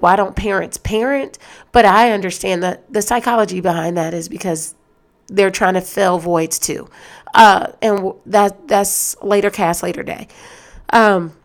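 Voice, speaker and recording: A woman hosting a solo podcast, ranting in an animated, exasperated way and speaking straight to her listeners. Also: mid-range voice, vocal fry. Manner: loose and conversational, with restarts. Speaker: podcast host.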